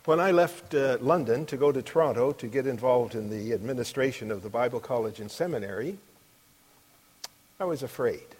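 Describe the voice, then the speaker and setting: A middle-aged man preaching a sermon, emphatic, rising to loud declarations on the verses he quotes. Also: mid-range voice, expressive, brisk, slightly rough. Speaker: pastor. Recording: long reverb of a large hall.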